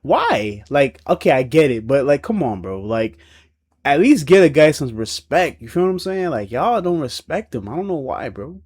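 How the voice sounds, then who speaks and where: A man's voice: fairly high pitch, normal speed, breathy edge. A young man hosting a reaction video, talking in loose slang, laughing and teasing as he comments. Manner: animated, laughing, slangy and playful.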